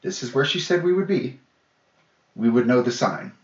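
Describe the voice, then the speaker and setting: A man's voice: mid-range voice, sing-song, moderate pace, distant mic, natural voice. A man voicing a small female halfling scholar who is sure of herself, with a slightly raised, earnest voice in an echoey room. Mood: insistent. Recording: echoey room, dull lo-fi sound.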